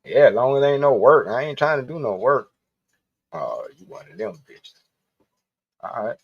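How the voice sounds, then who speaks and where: A man's voice: medium pitch, lively intonation, normal speed, vocal fry, slightly rough, dry recording. Guy on his livestream swearing and laughing thru stories, kinda muffled lo-fi mic. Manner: profane, laughing, loose storytelling. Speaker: livestream host. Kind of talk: casual storytelling.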